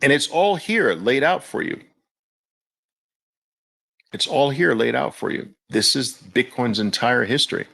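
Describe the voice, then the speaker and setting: A man hosting market commentary, animated and exclamatory, with an incredulous edge. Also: on the high side, gravelly. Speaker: host.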